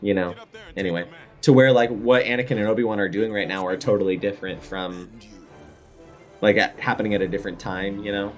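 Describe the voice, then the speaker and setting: A man's voice: lowish voice, steady tone, a little fast, soft background music. A young adult man co-hosting a reaction video, chatting casually and rambling with enthusiastic fan commentary. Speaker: co-host reacting to a cartoon. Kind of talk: casual chat.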